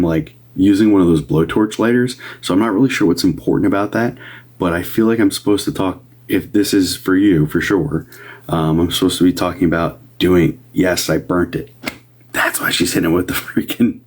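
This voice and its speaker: A man doing live medium readings, chatting casually with viewers, sometimes whispering and greeting them upbeat. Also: low voice. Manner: drops to a soft whisper at times. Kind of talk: casual livestream chat.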